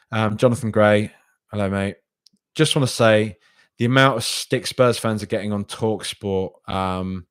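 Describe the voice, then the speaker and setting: A man's voice: lowish voice, dry recording. A man hosting a casual fan podcast, reading out listener comments and rambling as he replies. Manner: rambling, repeats himself, chatty with fans. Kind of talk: casual live-stream chat.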